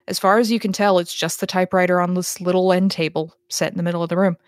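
A woman's voice: lowish voice, fairly even intonation, fast talker, dry recording, studio quality. A woman acting as game master who narrates a tabletop game in a descriptive way, often restarting her sentences.

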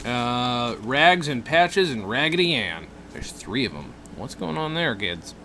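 A man's voice: mid-range voice, sing-song, unhurried, sharp tone, a little hiss or hum. Joking man co-hosting a comedy podcast. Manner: rambling, jokey, laughs often. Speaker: podcast co-host. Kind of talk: casual comedy chat.

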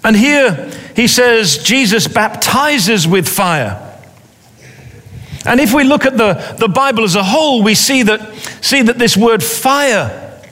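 A man with a high voice preaching a sermon at an unhurried pace. He speaks deliberately and repeats key phrases for emphasis. His voice carries a long reverb, as in a large hall. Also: expressive, pushed and bright.

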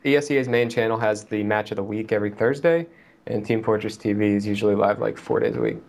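A man's voice: on the low side, very animated, fast talker, creaky, darkish tone. A man on a casual gaming podcast, talking matter-of-factly with dry humor. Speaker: podcast co-host. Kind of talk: casual chat.

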